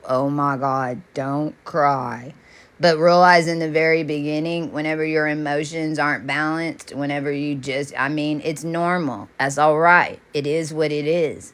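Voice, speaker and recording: A woman delivering a rambling spiritual monologue as a self-styled channeler, intense, repetitive and often profane. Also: sits low.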